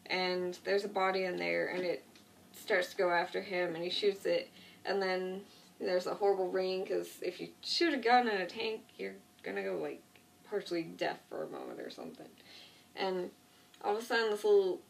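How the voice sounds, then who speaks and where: A woman's voice: mid-range voice, creaky, slight background noise. A woman retelling a TV episode in a casual, rambling way, correcting herself often and filling gaps with "like.". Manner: rambling, self-correcting, lots of 'like'. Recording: distant mic.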